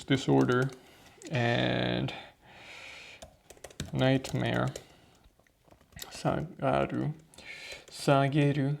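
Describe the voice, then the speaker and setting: Man, mid pitch, very slow, gravelly, muttering study-session vlogger. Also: steady tone. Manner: slow, muttering to himself, thinking aloud. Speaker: language learner reviewing flashcards. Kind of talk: casual study session vlog.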